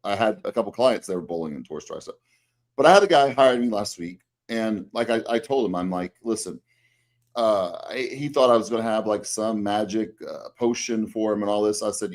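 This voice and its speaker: A middle-aged man who works as a fitness coach co-hosts a casual podcast chat, rambling with many fillers and restarts. His voice is lowish and he talks a little fast.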